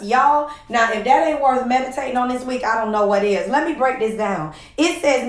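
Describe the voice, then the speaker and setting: A woman's voice: fairly high pitch, normal speed, roomy sound. A woman hosting a devotional podcast, preaching in a heartfelt, emotional way, close to tears and calling out "y'all" to her listeners. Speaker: podcast host.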